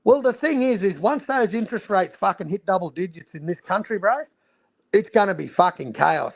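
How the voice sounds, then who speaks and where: High-voiced, gravelly Australian man ranting. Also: lively intonation, moderate pace, no echo. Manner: ranting, heavy swearing. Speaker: stream host. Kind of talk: casual chat.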